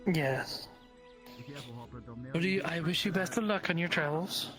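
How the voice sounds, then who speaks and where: A man's voice: fairly high pitch, a little slow, over music. A man speaking in character as a townsperson in a role-play, giving directions and advice in a casual, offhand way.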